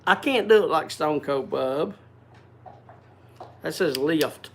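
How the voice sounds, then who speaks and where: A man's voice: fairly high pitch, animated, slow pace, a bit bright, a little hiss or hum. A man hosting a casual livestream, chatting and greeting viewers by name. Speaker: livestream host. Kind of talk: casual chat.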